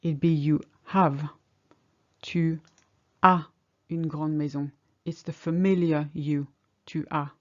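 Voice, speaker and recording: A woman teaches a language lesson, working through each example slowly and patiently. Her voice sits fairly low, and the recording sounds a little dull and lo-fi. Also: fairly even intonation. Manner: patient, explains step by step. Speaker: French teacher.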